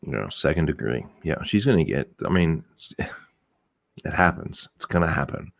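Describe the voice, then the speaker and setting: A man's voice: extremely low pitch, very animated, normal speed, creaky, no room sound. A middle-aged man hosting a podcast, talking bluntly and rambling in casual opinionated chat, swearing and restarting his sentences. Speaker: podcast host.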